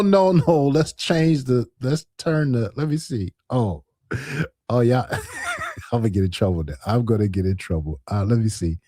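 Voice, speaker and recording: A man hosting a casual livestream, reading viewer comments aloud, laughing often and answering the chat with an animated manner. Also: fairly low pitch, dry recording, studio quality. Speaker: livestream host. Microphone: headset or desk mic with earphones.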